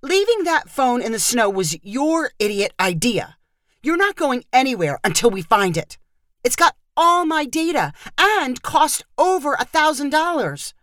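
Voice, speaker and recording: A woman voicing a young female skier who snaps, yells and demands. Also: high voice, big pitch swings, measured pace, no room sound, clean studio sound, pitched above the performer's own voice, exaggerated voice. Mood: angry. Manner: snappy, yelling, demanding.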